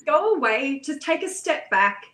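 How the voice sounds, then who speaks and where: A woman with a somewhat high voice speaks earnestly in a casual chat. Her words flow on with fillers and small repeats. The sound is echoey, as if recorded in a bare room. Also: sing-song, a little slow, fairly bright tone. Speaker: guest.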